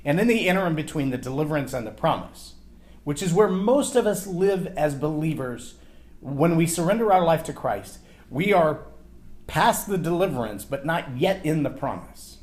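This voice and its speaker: Animated man teaching from the Bible. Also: a little high, moderate pace. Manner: animated, acts out quoted lines in character; repeats words when thinking aloud. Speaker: faith and leadership teacher.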